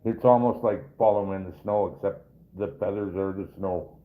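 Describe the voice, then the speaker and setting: Hosting a laid-back live stream in the role of a trapper, a man talks with his viewers, rambling along in a folksy, jokey manner. His voice is deep and steady, at normal speed, and the recording has a thin, phone-like quality.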